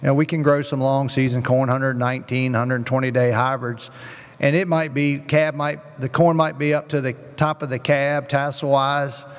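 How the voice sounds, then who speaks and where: A man's voice: mid-range voice, flat delivery, moderate pace. A man speaking as a guest farmer on a conference panel, rambling with frequent restarts and self-corrections. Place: conference session hall. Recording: long hall reverb.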